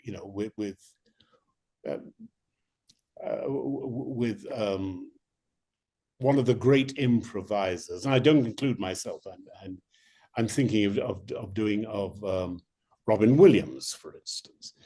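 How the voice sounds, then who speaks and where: Older man, actor guest, animated anecdotes, stops and restarts a lot. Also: on the low side, slow, long pauses, breathy edge. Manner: animated storyteller, many restarts. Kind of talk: interview anecdotes.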